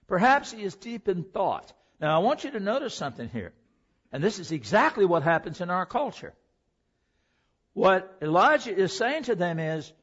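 A male pastor preaching a sermon, reading scripture aloud and explaining it with animated emphasis. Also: sits high, normal speed, highs cut off.

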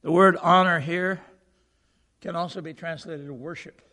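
A male pastor giving a sermon, moving from a lively recited poem into earnest preaching in a church auditorium. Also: on the high side, a little slow. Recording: long reverb of a large hall.

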